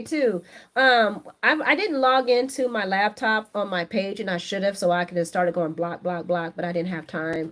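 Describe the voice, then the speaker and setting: A woman hosting a casual live stream, reading viewer comments aloud and giving her chatty, opinionated take. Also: mid-range voice. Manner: chatty and opinionated, animated, laughs often. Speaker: soap opera recap host on a live stream.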